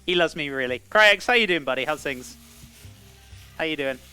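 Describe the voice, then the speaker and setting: Chatty British man with a bright voice. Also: fairly high pitch, lively intonation, normal speed, smooth, soft background music. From Britain. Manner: chatty, rambling, greets chat as "buddy". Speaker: cooking streamer. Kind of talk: casual live-stream chat while cooking.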